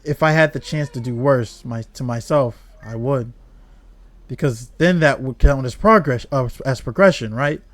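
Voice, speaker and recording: A man's voice: medium pitch, moderate pace, no room sound, close to an everyday voice. A man reading a brooding, despairing trapped young woman. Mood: menacing. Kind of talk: reading game dialogue aloud.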